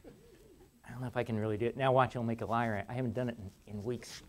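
In a lecture hall, a middle-aged man speaks quickly in a mid-range voice with fairly even intonation. His university lecture is relaxed and talkative, marked by frequent restarts and laughter.

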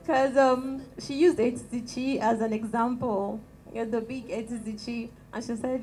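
A Nigerian woman with a tiny, soft voice, praying and speaking calmly and gently to a church women's gathering into a handheld microphone. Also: fairly high pitch, moderate pace, hardly any pauses, some chatter behind, poor audio. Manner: calm and gentle, chatty with light laughs. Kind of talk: prayer and talk to a church gathering.

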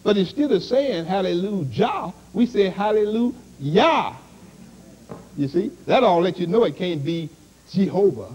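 A man's voice: high-pitched, animated, moderate pace, warm tone, dull audio. A man preaching a sermon to a congregation, constantly asking "see?" and "you understand?".

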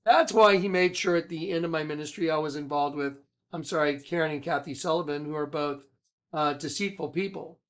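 A man who leads a ministry, telling a rambling personal story with emphatic swings from loud to hushed. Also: a little high, a little fast. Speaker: ministry leader.

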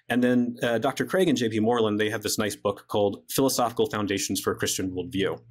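A man, a guest philosopher, explaining an argument in an easygoing conversational way, often dropping in "like" as he reasons. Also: lowish voice. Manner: casual, frequent "like" fillers while reasoning.

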